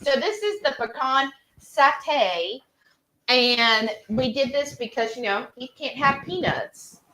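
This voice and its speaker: A woman's voice: sits high, expressive, slow pace, pushed and bright, a little hiss or hum, poor audio. A woman co-hosting a cooking video from her home kitchen, chatting casually and reading viewer comments. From Texas. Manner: chatty, says "y'all" often. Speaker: cooking channel co-host.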